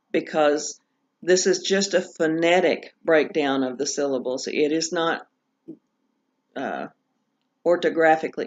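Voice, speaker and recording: A woman teaching pronunciation in a recorded lesson, patiently walking through examples and repeating each one slowly. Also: deep voice. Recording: dull lo-fi recording.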